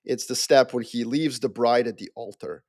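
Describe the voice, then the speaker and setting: A man, a podcast guest, explaining his view with animated storytelling and playful asides. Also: mid-range voice, normal speed, dry recording, studio quality. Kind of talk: casual geopolitical discussion.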